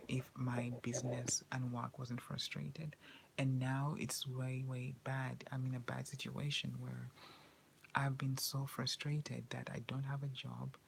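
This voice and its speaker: A woman speaks to camera mostly in a hushed whisper. She rambles anxiously and repeats herself. Her voice has a gravelly fry and stays flat in pitch, with a faint hiss of noise behind it. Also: low-quality recording. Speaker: vlogger. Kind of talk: whispered personal monologue.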